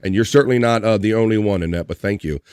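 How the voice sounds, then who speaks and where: A man hosting a casual live stream, reading out viewer comments with upbeat shout-outs. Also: lowish voice, fast talker, clear, resonant tone, no echo, studio quality.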